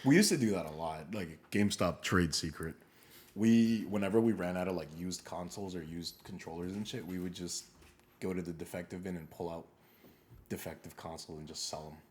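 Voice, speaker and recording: A young man co-hosting a casual podcast, telling animated stories, swearing often and acting out what people said. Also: low-pitched, fairly quick, slight background noise. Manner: animated storyteller, swears a lot, acts out quotes. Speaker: podcast co-host. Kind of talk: casual storytelling chat.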